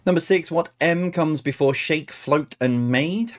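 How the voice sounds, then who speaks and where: A man hosting a livestream quiz, reading questions slowly between rambling, chatty asides. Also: a little high. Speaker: quiz host.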